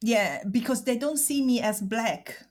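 Woman from Italy, slightly high voice, halting speech, near tears, repeats herself. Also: darkish tone. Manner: halting, laughs through emotion, repeats herself. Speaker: interviewee. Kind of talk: emotional personal interview.

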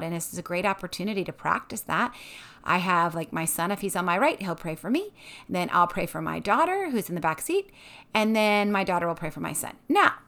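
A woman talking casually about her family's morning devotional routine in a bright, expressive way, laughing now and then. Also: on the high side. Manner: upbeat and expressive, laughs often. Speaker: mom sharing a devotional routine. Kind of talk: casual tips talk.

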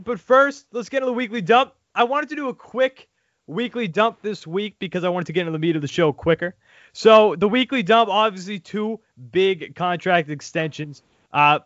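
Crude, animated sports podcast host. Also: male voice, high-pitched, no room sound. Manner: animated, crude, laughing asides. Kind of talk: casual sports podcast chat. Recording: dull lo-fi audio.

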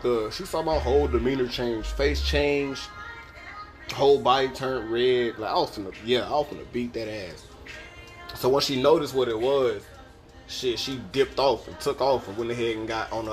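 A young man, telling a podcast story in a casual, profane, laughing way. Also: mid-range voice. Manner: profane, laid-back, laughing asides. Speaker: podcast host.

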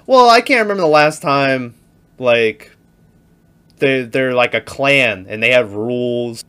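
Bright-voiced man chatting about movies. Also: medium pitch, a little slow, clear, resonant tone. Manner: animated, laughs while retelling scenes. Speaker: podcast co-host. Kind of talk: casual movie review chat.

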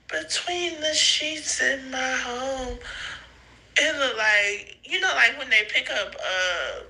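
A young woman recording rambling phone voice notes, giggly, profane and slangy, high and tearful, often breaking into laughing squeals. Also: slow, pushed and bright, low-quality recording. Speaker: podcaster sending voice notes. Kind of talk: rambling voice-note monologue. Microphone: phone voice memo.

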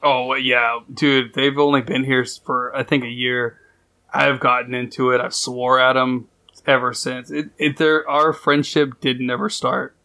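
A man's voice: medium pitch, flat delivery, unhurried, gravelly, sharp tone. A man in casual chat, blunt, profane and self-mocking as he complains.

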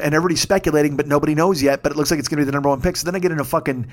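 Fifty-something podcast host, slightly high voice, swearing constantly and rambling through the story. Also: male voice, rapid-fire. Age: 50s. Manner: profane, excitable, rambling. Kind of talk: casual storytelling rant.

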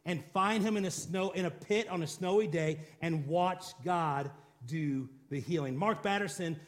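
A man with a high, bright-pitched voice preaches emphatically. He stacks up repeated declarations and rhetorical questions and calls on his listeners to answer back. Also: normal speed. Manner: calls for congregation response. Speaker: pastor. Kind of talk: sermon.

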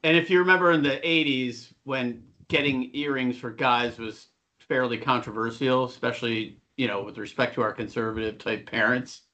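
A man's voice: medium pitch, fairly even intonation, normal speed, pushed and bright, muffled recording. A middle-aged man co-hosting a podcast, telling rambling, profane stories in casual chat. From Buffalo, New York. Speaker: podcast co-host.

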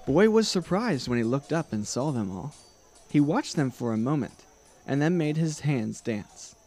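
A man reading a picture book aloud to a child, slow and expressive, adding sound effects. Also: fairly high pitch, faint music behind.

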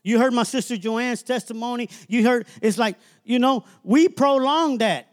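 A man's voice: very high-pitched, moderate pace, few pauses. A man preaching a sermon as minister, emphatic and colloquial, often calling out "Amen?" to the congregation.

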